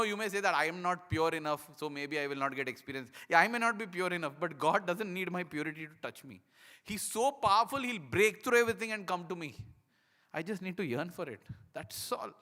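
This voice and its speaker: A man giving a devotional talk as a personal testimony. He tells his story in an animated, emotional way and acts out the dialogue. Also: a little high, big-room sound. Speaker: speaker at a devotional program.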